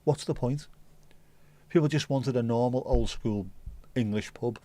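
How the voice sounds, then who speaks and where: A man talks loosely to a live audience, wandering from one rant to the next and swearing freely. His voice sits at an ordinary middle pitch. It is recorded dry and close, with no room sound. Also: measured pace, no room sound. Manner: rambling, sweary, ranting; answers chat comments out loud. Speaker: livestream host. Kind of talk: casual chat with a live audience.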